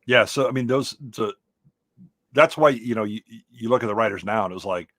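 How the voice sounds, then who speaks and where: Rambling low-voiced man in casual chat. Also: fairly quick, a bit bright, no echo. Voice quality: baritone. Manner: rambling, many restarts and fillers. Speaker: panelist on a live riff show.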